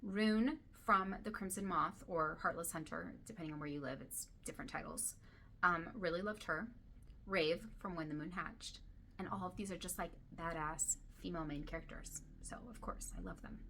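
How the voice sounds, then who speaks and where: A woman book vlogger talks casually to camera with a bright, crisp, forceful tone and a fairly low pitch. She gushes about favorites and now and then sinks into a soft whisper. Her throat sounds dry and irritated, with a faint hiss of noise behind her. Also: moderate pace. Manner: chatty and gushing, drops to soft whispers.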